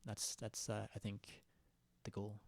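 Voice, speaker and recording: A man's voice: fairly low pitch, monotone, unhurried, gravelly, no echo. A young man hosting a casual livestream, rambling and giggling as he chats with viewers and reads their comments. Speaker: livestream host.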